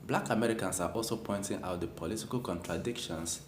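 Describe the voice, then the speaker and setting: Brief: very low male narrator, slow grave scripted read, echoey room, faint hiss. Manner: measured, grave. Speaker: channel narrator.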